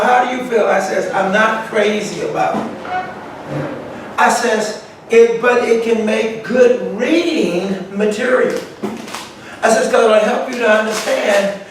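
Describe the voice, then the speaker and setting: A man who is a pastor, leading a Bible study and retelling conversations in a folksy, animated way. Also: high voice, a little hiss or hum. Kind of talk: Bible study talk with storytelling. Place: church room. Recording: echoey room, distant mic.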